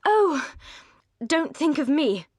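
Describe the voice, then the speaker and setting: A woman's voice: fairly high pitch, lively intonation, moderate pace, dry recording, clean studio sound. A woman voicing an ardent, impulsive young woman who speaks in emphatic, gushing outbursts in an audiobook. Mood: passionate.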